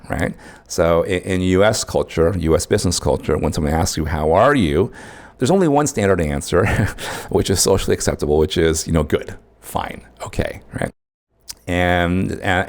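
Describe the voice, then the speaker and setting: A man teaching an online course in a conversational way, often checking in with his listeners. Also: low-pitched. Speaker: course instructor.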